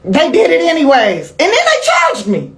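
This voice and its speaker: A woman telling a candid personal story in a casual interview, animated and profane, laughing as she goes. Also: very high voice, normal speed, roomy sound, slight background noise. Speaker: interview guest.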